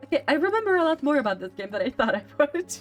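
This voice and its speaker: A woman casually commenting while she plays a game, chatty and quick to react with giggles and exclamations. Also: sits high, big pitch swings, soft background music. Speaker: gameplay video host. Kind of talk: casual let's-play commentary.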